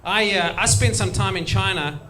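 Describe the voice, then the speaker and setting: A man's voice: sits high, normal speed, pushed and bright, slight background noise. A man doing a chatty stand-up set, often laughing at his own jokes. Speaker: stand-up comedian. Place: stage at a live comedy show.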